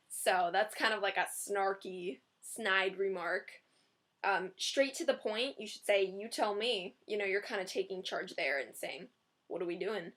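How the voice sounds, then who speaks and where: A woman's voice: mid-range voice, moderate pace, pushed and bright. A young woman giving dating advice in a casual, chatty vlog, often giggling and reading out sample text messages.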